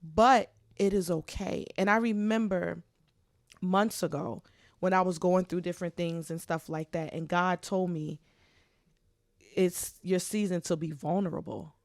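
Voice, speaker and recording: Woman podcast cohost, heartfelt chatty, gets loud and preachy, dry sound. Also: on the low side, measured pace, dry recording. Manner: expressive, preachy, animated swings in loudness. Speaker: podcast co-host. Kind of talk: casual heartfelt chat.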